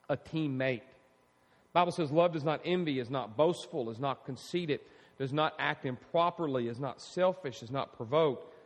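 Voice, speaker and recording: Preacher man in a reverberant hall. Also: mid-range voice. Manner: animated, preaching with rising emphasis and audience call-outs. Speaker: pastor. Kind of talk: sermon. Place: church sanctuary. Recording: long reverb in a large hall.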